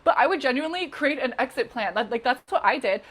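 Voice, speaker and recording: A woman's voice: high voice, lively intonation, fast, fairly bright tone, slightly rough. A young adult woman, a guest on a podcast, chatting earnestly and casually with many fillers. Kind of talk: casual chat.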